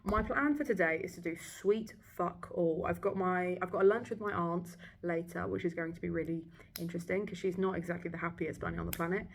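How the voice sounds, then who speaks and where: A woman's voice: fairly low pitch, fairly quick, gravelly. A young British woman in casual vlog chat, ranting and swearing sarcastically about a book. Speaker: book vlogger. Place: hotel abroad.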